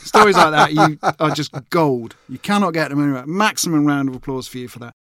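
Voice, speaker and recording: A man hosting a casual podcast, chatty and quick to react and banter with his guest. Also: on the high side, a bit bright, no room sound, clean studio sound. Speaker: podcast host.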